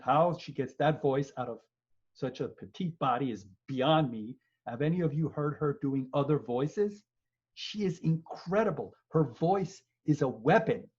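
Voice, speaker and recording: A law professor in his fifties with a New York accent, lecturing over a webinar. His voice sits a little high and sounds husky, and he jokes and acts out the people he quotes. The computer-mic audio comes through muffled and lo-fi. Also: darkish tone. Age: 50s. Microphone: computer mic on video call.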